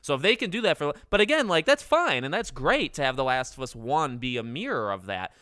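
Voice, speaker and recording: A man's voice: fairly high pitch, sing-song, brisk, sharp tone, clean tone, no echo, clean studio sound. A man in his twenties hosting a casual livestream, chatting with viewers in a rambling, self-correcting way. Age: 20s. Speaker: livestream host.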